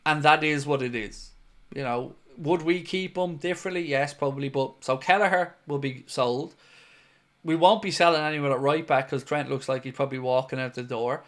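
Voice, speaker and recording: A man's voice: fairly high pitch, normal speed, fairly bright tone. A man hosting a live football fan stream, giving blunt opinions and reading viewer comments aloud, with a lot of "um" and "look" along the way. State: has the hiccups. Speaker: football fan channel host.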